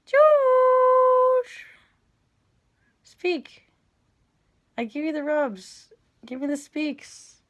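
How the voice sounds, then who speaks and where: A woman's voice: high-pitched, a little slow, a little mellow, dull audio. A woman vlogging casually at home, calling to her cat in sing-song, coaxing baby talk.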